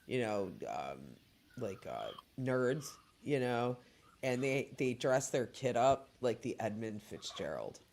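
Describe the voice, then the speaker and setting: Host, 40s, casual chat, unhurried, very lively pitch, laughs a lot. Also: creaky. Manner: animated storyteller, laughing often. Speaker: talk show host.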